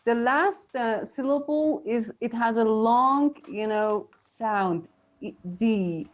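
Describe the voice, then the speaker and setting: Slow-talking woman teaching pronunciation. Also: on the high side. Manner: chatty, encouraging, many fillers and laughs. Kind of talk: live online English lesson.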